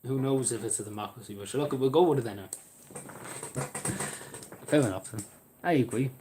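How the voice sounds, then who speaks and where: A man's voice: mid-range voice, moderate pace. Man, Irish border accent, livestream host, rambling, wry, swearing, faint noise. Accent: Irish border, Cavan. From Ireland. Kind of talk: casual livestream chat reading the chat.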